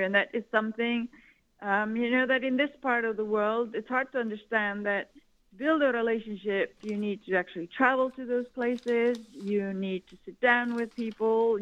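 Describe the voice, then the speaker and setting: A woman from Italy, a guest advising governments, talking in a rambling way with many "you know" fillers. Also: medium pitch. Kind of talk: conversational interview. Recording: tinny phone-like line.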